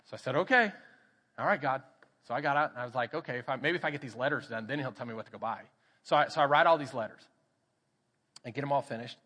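A man's voice: medium pitch, fast. A man with a Texan accent, a pastor telling a personal story in a sermon and acting out the voices in it. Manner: animated storytelling, acts out quoted voices. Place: church sanctuary. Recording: church hall reverb.

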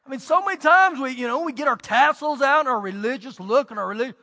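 A middle-aged man preaching a sermon as pastor, telling stories and swinging between loud and hushed delivery. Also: very high voice, fast talker, hardly any pauses, in a large hall.

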